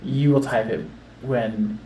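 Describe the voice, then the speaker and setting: A man hosting a casual livestream, talking a guest through a setup in quick, instructing bursts. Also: mid-range voice, fairly even intonation, warm tone, slight background noise. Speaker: livestream host. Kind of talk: casual behind-the-scenes setup chat. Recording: roomy distant mic with faint ambience.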